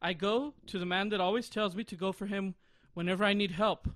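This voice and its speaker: A high-voiced young man in his twenties rambles through a story on a podcast, often breaking into laughter. The sound is dry and close, with no room around it. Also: fairly even intonation, brisk, fairly bright tone, no echo. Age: 20s. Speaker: podcast host. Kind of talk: casual chat.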